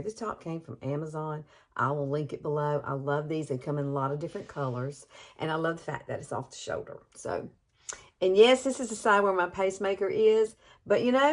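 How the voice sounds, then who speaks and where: A woman, chatting her way through a casual makeup tutorial with homey, rambling asides. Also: sits low. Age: 50s. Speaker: beauty vlogger.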